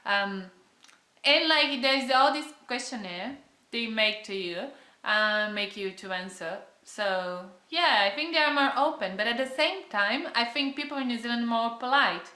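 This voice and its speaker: Bright Brazilian woman vlogging. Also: fairly high pitch, lively intonation, measured pace, echoey room. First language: Portuguese. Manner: chatty, searching for words, frequent fillers. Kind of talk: casual chat to camera.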